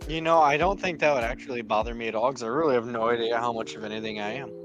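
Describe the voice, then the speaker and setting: A man's voice: medium pitch, very fast, music in the background. A young man co-hosting a podcast, telling a story in a rambling, casual way and swearing often. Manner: rambling, swearing, quoting others. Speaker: podcast co-host.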